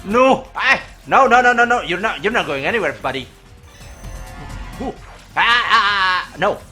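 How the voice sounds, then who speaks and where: A man giving frantic let's play commentary, panicking loudly and joking. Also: high-pitched, unhurried, soft background music. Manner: animated, joking. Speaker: gaming channel host.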